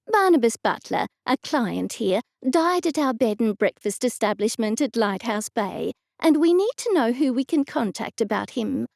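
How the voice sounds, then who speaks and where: A woman narrator voicing a brisk, bossy older aunt who speaks in a curt, commanding way and is easily exasperated. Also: fairly high pitch, sing-song, gravelly, darkish tone, no room sound, clean studio sound, exaggerated voice.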